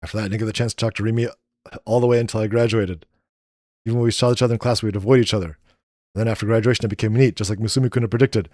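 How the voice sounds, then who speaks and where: Fast-reading man voicing a visual novel. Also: on the low side, steady tone, a little mellow, dry recording. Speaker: let's-play streamer. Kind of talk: reading game text aloud with asides.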